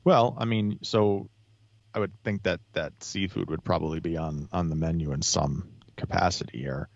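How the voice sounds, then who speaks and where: Man, podcast guest, very low voice, rambling delivery, muffled lo-fi mic. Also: moderate pace, gravelly, no echo. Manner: rambling, with many restarts and fillers. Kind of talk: casual chat.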